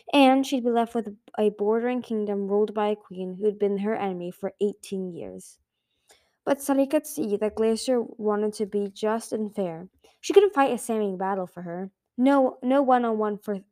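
Woman narrator, mellow and warm, earnest amateur audiobook reading. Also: mid-range voice. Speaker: audiobook reader.

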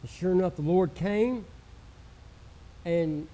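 High-voiced man preaching with passion. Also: slow. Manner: impassioned preaching that swings between shouts and hushed murmurs; acts out quoted voices of doubters. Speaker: pastor. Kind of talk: sermon.

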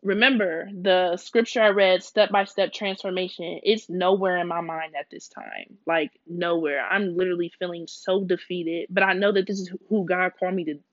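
A woman's voice: lowish voice, normal speed, hardly any pauses, a bit bright, no room sound. Candid woman on a dull lo-fi recording. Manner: emotional, confessional storytelling; casual, with frequent "like" and slang. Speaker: podcast host. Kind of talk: candid faith podcast monologue.

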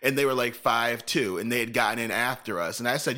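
A man in a casual chat, telling a lively, profane story and acting out what people said. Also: mid-range voice, brisk, few pauses. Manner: animated, profane storytelling with acted-out quotes.

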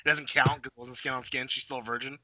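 A man's voice: medium pitch, level tone, quick pace, pushed and bright, no echo. A man co-hosting a podcast in casual, profane banter. He jokes a lot and often trails off mid-sentence. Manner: profane, joking, trails off and restarts. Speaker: podcast co-host. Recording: dull lo-fi dry sound.

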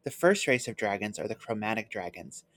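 A podcast host giving a measured, explanatory scripted introduction to a book discussion. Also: mid-range voice, big pitch swings, a bit bright, no room sound.

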